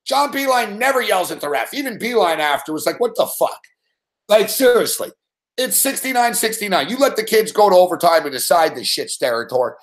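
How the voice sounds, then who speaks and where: A man's voice: high voice, expressive, fairly quick. A young man hosting late-night sports betting commentary, ranting angrily and swearing at a referee. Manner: profane angry ranting.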